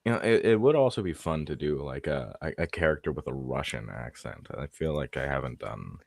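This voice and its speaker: Low-voiced guy rambling and stumbling over words, dry close mic. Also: lively intonation, brisk, creaky, dry recording. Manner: rambling, stammering, swears and laughs. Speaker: player. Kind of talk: casual chat.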